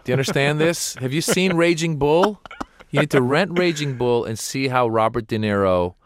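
A man who is a comedian guest, giving playful advice in an animated, jokey way and repeating phrases for effect. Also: medium pitch, moderate pace, dry recording. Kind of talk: comic advice banter.

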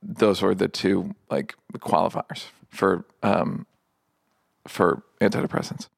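A middle-aged man, a comedian talking candidly in an interview, rambling and halting with self-deprecating asides. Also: low voice, fairly even intonation, vocal fry, no echo, studio quality.

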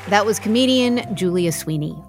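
A woman's voice: mid-range voice, lively intonation, moderate pace, over a noisy crowd. A woman radio host reading the closing credits of her show. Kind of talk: scripted radio outro. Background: theme music.

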